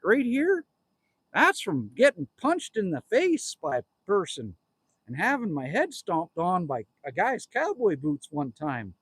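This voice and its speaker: Speaking in a high, fairly bright, slightly rough voice with no room sound, a fifties-aged Canadian livestream host chats from outdoors at his cabin. He reads viewer comments aloud, jokes with them, rambles, and addresses his audience directly.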